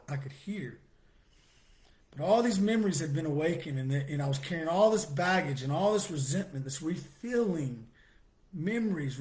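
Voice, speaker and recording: A middle-aged man giving a halting personal testimony, restarting his sentences and laughing softly now and then. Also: high voice.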